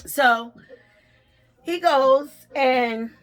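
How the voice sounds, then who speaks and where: A woman telling a personal story in a blunt, heavily profane way, animated and acting out the people in it. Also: high voice, drawn-out words, faint music behind. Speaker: tarot reader and vlogger.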